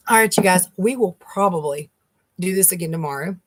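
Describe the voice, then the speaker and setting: Talking a little briskly in a lowish voice, this middle-aged woman rambles to her live-stream audience with lots of laughter. She's a keto vlogger from North Carolina in the US, keeping things casual.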